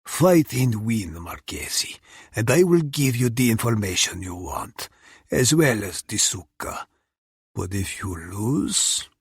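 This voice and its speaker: A man's voice: lowish voice, very animated, slow, husky, no echo, studio quality, heavily acted. A man voicing a cold, taunting, middle-aged male crime boss in an audiobook. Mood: menacing. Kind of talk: audiobook character voice.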